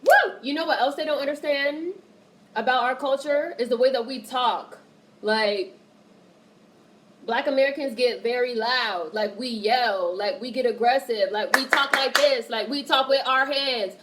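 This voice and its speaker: Blunt, animated woman streamer, slightly high voice. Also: unhurried, rough recording. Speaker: livestreamer reading chat. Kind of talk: casual livestream commentary.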